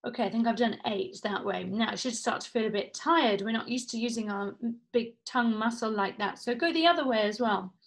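A woman leads a guided vocal warm-up from home, her voice sitting a little high. She instructs in a playful, encouraging way, demonstrating each exercise as she goes. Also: a little fast, hardly any pauses. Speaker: vocal coach. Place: home, indoors.

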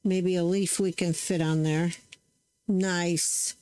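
A woman's voice: on the low side, little pitch movement, takes it slowly, a little mellow, smooth, dry recording, poor audio. A woman hosting a crafting channel, chatting casually to viewers while she tests stamps, often correcting herself as she works. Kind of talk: casual crafting demo chat.

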